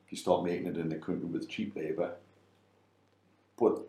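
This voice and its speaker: A man's voice: sits low, fairly even intonation, moderate pace, warm tone, echoey room, poor audio. A middle-aged man, co-hosting a casual business chat and repeating words as he thinks aloud.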